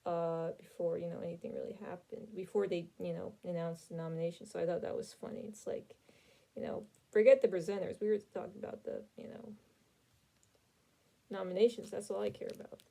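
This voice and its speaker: A woman's voice: fairly low pitch, steady tone, fairly quick, gravelly, dark tone, poor audio. A woman hosting her own podcast, chatting casually and opinionatedly as she reacts to award nominations and corrects herself as she goes. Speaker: podcast host.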